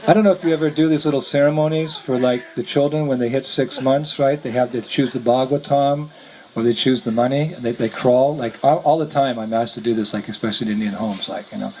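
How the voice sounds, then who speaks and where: Chuckling monk telling a lively story. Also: male voice, medium pitch, fast talker. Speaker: visiting monk and lecturer. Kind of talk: storytelling talk. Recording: noisy lecture recording.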